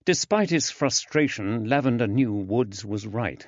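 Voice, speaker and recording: A man giving measured, expressive scripted narration of an audiobook. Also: mid-range voice, no room sound. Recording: dry, slightly dull.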